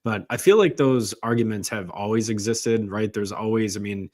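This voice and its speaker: A man's voice: lowish voice, moderate pace, darkish tone. A man co-hosting a podcast, chatting casually in an offhand, self-deprecating way. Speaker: podcast co-host. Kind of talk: casual chat.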